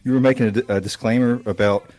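A man's voice: medium pitch, steady tone, quick pace, a little mellow. A man from the Southeastern US co-hosting a podcast, joking sarcastically in casual chat. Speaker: podcast co-host.

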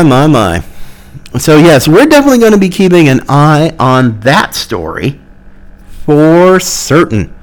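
A political commentary host talking solo, emphatic and exasperated, repeating words for stress. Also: mid-range voice.

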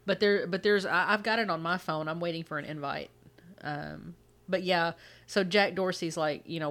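A young woman co-hosts a loose, casual podcast chat, her voice sitting slightly low. She rambles, restarts her sentences and laughs easily as she goes. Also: normal speed. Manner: rambling, animated, laughs often, frequent restarts. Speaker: podcast co-host.

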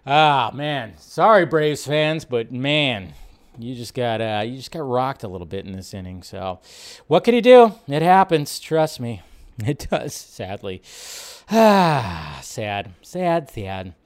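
A man's voice: mid-range voice, animated, measured pace. Rambling man hosting a live film show. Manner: rambling, restarts sentences, reacts aloud. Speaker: host. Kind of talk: casual live-stream commentary.

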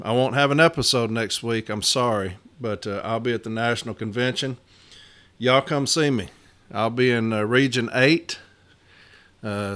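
A man's voice: mid-range voice, fairly bright tone, clear, resonant tone. A middle-aged man hosts a podcast in casual, rambling talk. He is folksy, laughs often and gets heated. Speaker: podcast host.

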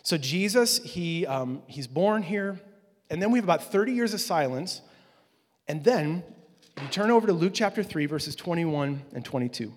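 A man's voice: on the high side, animated, moderate pace. Man preaching in a reverberant hall. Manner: conversational preaching, emphatic swells. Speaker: pastor. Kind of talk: sermon.

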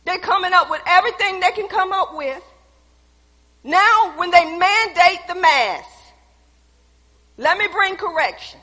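A woman preacher with a very high, piercingly bright voice delivers a sermon. She is emphatic and folksy, hammering points home by repeating them. Her voice rings out with a long echoey reverb in a church sanctuary. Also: animated, unhurried, pauses often.

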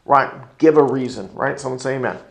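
A man's voice: mid-range voice, a little fast, creaky, reverberant, a little hiss or hum. A man with an American accent teaching a church ministry class in sermon style, repeating key phrases and calling for responses from the room.

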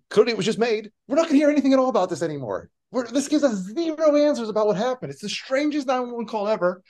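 Guy cohosting a podcast, animated, keeps asking rhetorical questions, voice swings all over. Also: very high-pitched, fast. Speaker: podcast co-host. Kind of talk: casual political chat.

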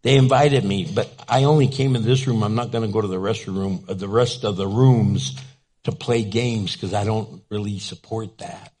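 A man's voice: lowish voice, normal speed. An older man preaching a sermon as pastor, telling stories and acting out the people in them. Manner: animated, acts out the people in his stories. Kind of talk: storytelling sermon.

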